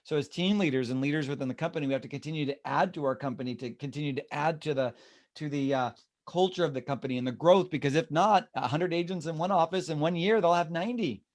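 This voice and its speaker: A man's voice: on the high side, fast. A man leading a real estate team meeting, talking animatedly and acting out the people he quotes. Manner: animated, acts out quoted voices.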